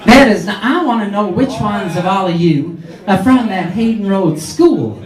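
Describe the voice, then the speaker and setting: A man's voice: sits high, lively intonation, normal speed. A man performing as a brash, catty drag queen hostess, teasing a live audience with sarcastic, mock-haughty crowd work. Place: pub or club function room, live audience. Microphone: camera filming from the audience, far off. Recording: echoey room, far from camera, loud crowd. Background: audience laughter and chatter.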